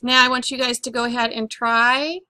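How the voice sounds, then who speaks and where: A woman's voice: a little high, little pitch movement, normal speed, sharp tone, clear, resonant tone, dry recording. A woman teaching a phonics lesson on syllables and accents, patiently asking questions and repeating each word for her pupils.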